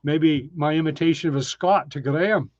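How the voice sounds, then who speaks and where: A man hosting a relaxed live stream, talking through viewer comments with frequent ums and uhs. His voice sits slightly high, and the sound is dry and a little dull, like home stream audio. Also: normal speed, dry recording. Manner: chatty, reads viewer names, frequent ums. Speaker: live-stream host reading chat. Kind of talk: casual live-stream chat. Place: tiny desert cabin, indoors.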